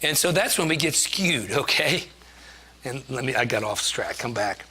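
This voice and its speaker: A man's voice: medium pitch, lively intonation, moderate pace, bright, forceful tone, breathy edge. A man giving a conversational sermon, chatty and joking, laughing at himself as he preaches.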